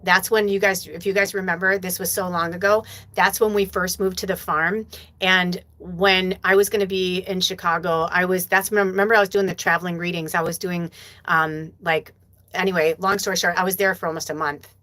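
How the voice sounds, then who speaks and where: A woman's voice: lowish voice, level tone, a little fast, sharp tone. A woman in her forties telling a story casually to her viewers, chatty and swearing freely with plenty of fillers. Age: 40s. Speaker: spiritual medium hosting a live stream.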